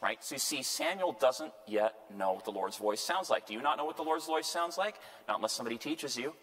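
A man, a priest, lecturing a parish class on scripture in an animated, conversational way. He keeps putting questions to his listeners, and his voice sits at an average pitch for a man. The sound trails off into a long hall reverb. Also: a little fast. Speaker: priest teaching a Bible class. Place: church hall.

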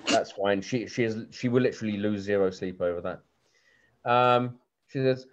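A man's voice: fairly low pitch, normal speed. A man narrating as game master in a chatty way, full of ums and restarts, over a lo-fi video call.

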